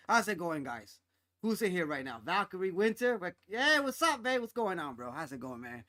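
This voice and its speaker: A man hosting a game stream, chatting loudly and excitably with plenty of swearing and laughter. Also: high-pitched, normal speed, no echo. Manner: loud, excitable and profane, laughs often. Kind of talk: casual gaming chat.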